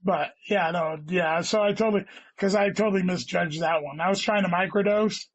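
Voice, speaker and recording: A man's voice: sits high, moderate pace, lo-fi sound. A man in his thirties, a guest comedian, rambling through a story and saying "dude" a lot. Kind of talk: casual chat.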